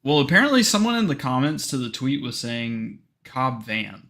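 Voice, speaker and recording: A man's voice: mid-range voice, normal speed, creaky, a bit bright. A man co-hosting a casual livestream chat, blunt and profane and teasing his co-host.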